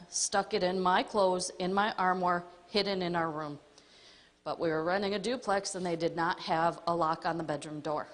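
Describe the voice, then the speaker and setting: A woman recounts a personal testimony to a congregation, plainly and step by step. Her voice sits a little low. A long reverb from the hall follows her words. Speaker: church testimony speaker.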